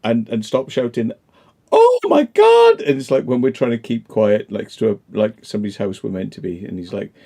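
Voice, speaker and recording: A man chats loosely on a livestream, wandering through stories with self-deprecating jokes. His voice sits low and sounds mellow and soft-edged. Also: little pitch movement. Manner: rambling, self-deprecating, quick to joke. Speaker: livestream host. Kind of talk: casual chat.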